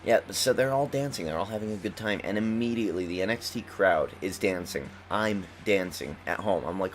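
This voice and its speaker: Fairly quick and with few pauses, a low-voiced young man riffs on a wrestling video game at home after just waking up. He's chatty and enthusiastic as a fan, with slight background noise in the recording.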